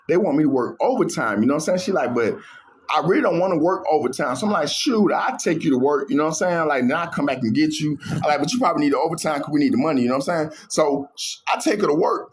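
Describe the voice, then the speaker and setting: A man telling a story from his own life in a loose, conversational way, playing out both sides of each argument. His voice sits a bit high for a man and swings widely up and down as he talks. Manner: animated retelling, acts out both sides of arguments. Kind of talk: casual storytelling.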